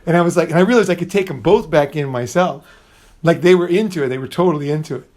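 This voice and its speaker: A middle-aged man spins a loose, rambling tale, full of swearing and false starts. His voice sits a little higher than most men's, and he slips into quick impressions of the people in his story. It sounds like a relaxed solo talk for his channel. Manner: rambling, profane, restarts often, acts out voices in quotes. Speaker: channel host. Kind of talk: casual storytelling monologue.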